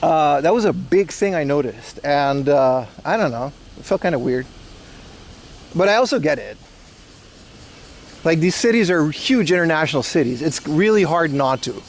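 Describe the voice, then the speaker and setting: A man's voice: a little high, lively intonation, normal speed, slight background noise. A Dutch man hosting a casual livestream while walking outside, rambling loosely, laughing often and talking to his chat. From Netherlands. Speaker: livestream host.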